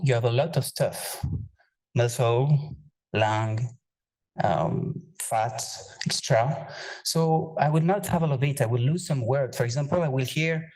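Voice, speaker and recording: A man's voice: mid-range voice, a little mellow, breathy edge. A man with a French accent, a postdoctoral researcher, giving a scientific talk full of hesitations, self-corrections and self-deprecating jokes.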